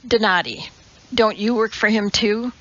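A woman's voice: medium pitch, unhurried, a bit bright, dull audio, pitched above the performer's own voice, close to an everyday voice. A woman reading an audiobook, voicing a composed, matter-of-fact female chemist. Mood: cool. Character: calm, precise female chemist.

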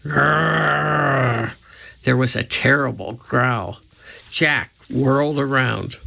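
A narrator reading a children's chapter book aloud in a steady, clear storytelling manner. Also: mid-range voice, slow pace, lo-fi sound. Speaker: audiobook narrator.

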